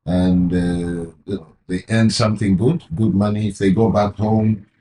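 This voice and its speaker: A man with a Zambian accent talks loosely and at length in an interview. His voice sits fairly low. He rambles, padding his thoughts with fillers. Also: fairly even intonation, moderate pace, mellow, a little hiss or hum. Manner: rambling, with many fillers and "you know". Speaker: guest, comedian and MC. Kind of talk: casual interview chat.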